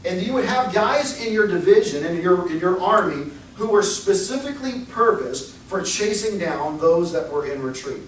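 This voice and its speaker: Young guy preaching, high voice, big echo, sounds far from the mic. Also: moderate pace, few pauses, a little hiss or hum. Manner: animated storytelling, acts out quoted voices. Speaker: pastor. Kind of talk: sermon. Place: church sanctuary. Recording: echoey church recorded from far off.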